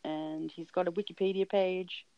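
Australian woman co-host, gravelly low voice, deadpan, dull lo-fi recording. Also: moderate pace, slight background noise. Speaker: podcast co-host and musician. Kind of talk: casual chat. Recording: dull lo-fi sound.

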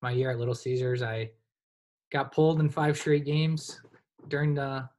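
A man's voice: mid-range voice, moderate pace, slight background noise. A young man in his twenties, a hockey goaltender, talking casually in a podcast interview and filling his sentences with "you know". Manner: relaxed, rambling, heavy use of "you know". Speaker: guest, college hockey goaltender.

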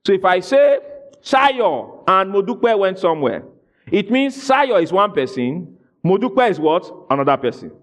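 A man preaching a sermon, asking his congregation questions and rising into shouted emphasis. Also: sits high, very animated, measured pace. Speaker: pastor.

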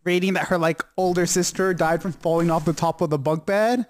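A man co-hosting a podcast, chiming in with quick reactions and asides in casual group chat. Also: high-pitched, steady tone. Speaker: podcast co-host.

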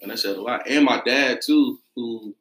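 A man in casual chat, telling a story with energy and jumping into high voices when he quotes people. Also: moderate pace, fairly bright tone, roomy sound, poor audio. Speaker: guest telling his side of a story.

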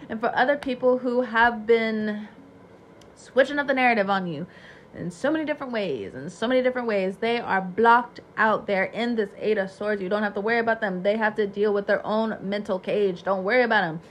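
A woman giving a tarot reading, loud, profane and laughing as she hypes up her listeners. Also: mid-range voice, fairly quick, a little hiss or hum. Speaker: tarot reader. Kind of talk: animated tarot reading monologue.

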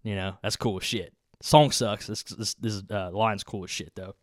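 A man's voice: fairly low pitch, steady tone, normal speed, no echo, clean studio sound. A man with a Southern Ohio accent hosting a solo podcast, talking off the cuff in a profane, rambling, laid-back way. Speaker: podcast host. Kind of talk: unscripted solo podcast chat.

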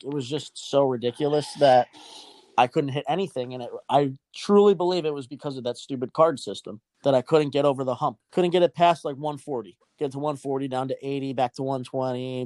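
A man's voice: mid-range voice, fairly quick, darkish tone, no room sound. Profane young man telling a rambling story. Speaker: podcast host. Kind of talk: casual storytelling chat.

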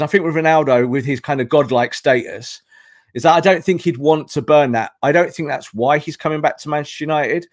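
A man's voice: medium pitch, no room sound. Analytical man with a dry sound. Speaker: podcast co-host. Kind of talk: football podcast analysis.

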